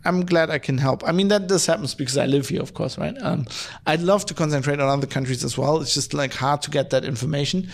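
A man hosts his podcast alone, his throat hoarse from hay fever. His voice sits slightly high and gravelly. He rambles through listener mail in a loose, profane way, full of ums and restarts. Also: fast talker. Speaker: podcast host. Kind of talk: casual solo podcast, reading listener mail. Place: at home, lives in Germany.

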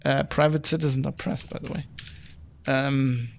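A man's voice: mid-range voice, little pitch movement, normal speed, creaky. A middle-aged man hosting a podcast, ranting in an exasperated, profane monologue. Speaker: podcast host.

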